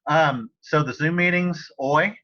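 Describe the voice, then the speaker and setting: Guy teaching spanish on a video call, bright voice, kinda muffled audio, easygoing and chatty with his students. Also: fairly high pitch, measured pace. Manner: casual, encouraging, talks to students by name. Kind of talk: online class tutoring session. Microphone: computer mic on a video call.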